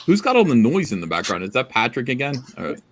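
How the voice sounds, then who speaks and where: A man's voice: mid-range voice, sing-song, fast talker. Blunt, profane male livestream host. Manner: blunt, profane, rambling anecdotes. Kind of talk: casual chat and storytelling. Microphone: remote livestream call.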